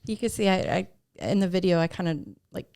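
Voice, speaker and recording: A woman's voice: lowish voice, fairly even intonation, fairly quick, creaky, darkish tone, smooth, no room sound, studio quality. Agreeable woman in casual chat. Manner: agreeable, laughs often. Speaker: travel vlog co-host.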